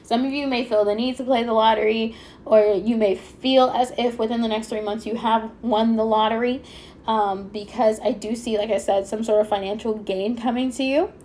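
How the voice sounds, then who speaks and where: Chatty, excitable woman tarot reader. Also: on the high side, slight background noise. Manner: chatty, excitable, fast-talking with many fillers. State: a little stuffy-nosed. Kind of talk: pick-a-card tarot reading.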